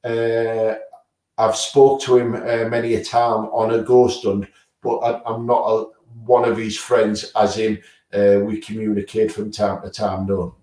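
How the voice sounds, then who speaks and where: A man's voice: on the low side, flat delivery, measured pace, darkish tone, recorded from a distance. A man, a guest paranormal investigator, answering casually with many fillers and restarts. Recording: roomy sound, away from the mic.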